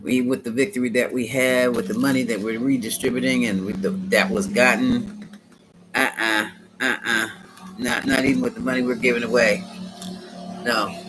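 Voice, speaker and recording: A man giving a live-stream tarot reading, chatty and animated, talking back to viewers and laughing often. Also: mid-range voice, normal speed, music in the background, poor audio. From United States. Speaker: tarot reader.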